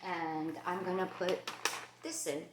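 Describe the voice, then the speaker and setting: Woman, New York accent, low voice, chatty and rambling, echoey kitchen, background noise. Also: flat delivery, takes it slowly. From New York and New Jersey area. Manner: chatty, rambling, with many fillers. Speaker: cooking channel host. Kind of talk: casual cooking demonstration. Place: home kitchen.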